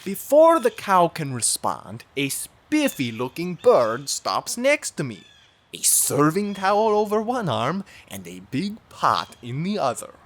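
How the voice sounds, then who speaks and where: A woman reads a children's storybook aloud with playful, animated expression. Her voice is slightly husky, and she reads at an unhurried pace with wide swings in pitch. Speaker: storybook reader. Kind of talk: expressive read-aloud narration.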